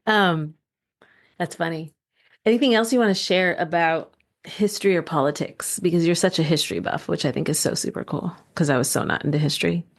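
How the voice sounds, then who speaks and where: A woman with a very low voice and a gravelly edge hosts a podcast as a relaxed conversation with her son. She draws him out with open questions, nudges him on with steady affirming murmurs, and sounds supportive throughout. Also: a little fast. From United States. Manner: encouraging, asks open questions, many affirming "mm-hmm"s. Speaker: podcast host and mother.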